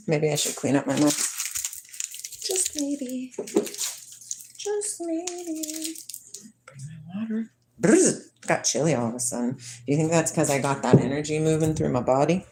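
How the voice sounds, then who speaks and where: A woman's voice: sits low, brisk, noisy background. A woman in her forties hosting a livestream, chatting in a rambling, dreamy and playful way and answering viewers' comments. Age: 40s. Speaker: livestream host. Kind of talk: casual chat with live chat.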